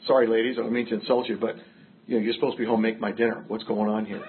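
A man's voice: lowish voice, little pitch movement, very fast, narrow, tinny audio, a little hiss or hum. Wry older man telling his story. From Massachusetts. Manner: wry storytelling, self-mocking humor. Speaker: recovery speaker. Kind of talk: personal recovery story told to a group.

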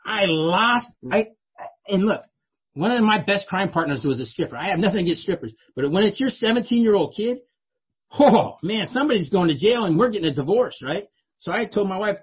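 A middle-aged man telling a personal recovery story in a lively way, often adding "right?" to check in with the room. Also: sits high, fairly quick, slightly rough, highs cut off. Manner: animated, repeats "right?" often. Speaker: speaker sharing a recovery story. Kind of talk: storytelling talk.

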